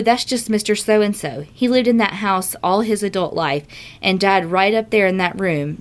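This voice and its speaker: Expressive woman podcast co-host. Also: fairly low pitch. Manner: expressive, reacts with gasps and swearing. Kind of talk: casual chat, reading a listener email aloud.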